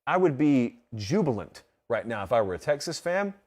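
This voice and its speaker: Guy hosting a sports show in a studio, really lively pitch, punchy and emphatic. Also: moderate pace. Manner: animated, emphatic, rhetorical questions. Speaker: host. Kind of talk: solo sports talk show.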